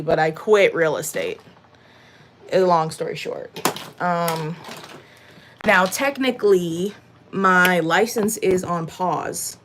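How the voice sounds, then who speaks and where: A woman's voice: lowish voice, slight background noise. A young woman from Massachusetts chatting casually with viewers while doing chores, rambling with lots of "like" and "um," a little out of breath. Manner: chatty, rambling, many "like" and "um" fillers. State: a bit out of breath. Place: at home.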